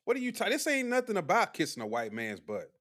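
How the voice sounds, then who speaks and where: Young man, live-stream commentary, blunt and combative, lively rising and falling pitch, fairly high voice. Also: fast. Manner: blunt, combative, preachy slang-heavy delivery. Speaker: livestream commentator.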